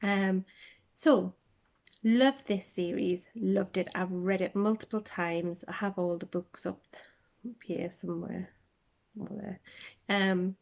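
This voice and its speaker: A woman's voice: mid-range voice, fairly even intonation, slow, vocal fry. Rambling chatty woman podcaster on a phone. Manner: chatty, rambling, lots of ums and tangents; drops to a soft half-whisper at times. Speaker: podcast host. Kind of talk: casual chat about books.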